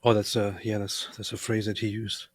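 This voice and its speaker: A man's voice: fairly low pitch, level tone, normal speed, husky, dry recording. A man co-hosting a livestream who bluntly argues down viewer claims, explaining his points firmly. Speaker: co-host. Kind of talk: casual livestream commentary.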